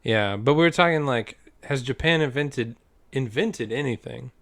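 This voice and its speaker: A man's voice: medium pitch, normal speed, fairly bright tone. A man from the United States co-hosting a casual podcast chat, loose and profane, laughing as he talks. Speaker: podcast co-host.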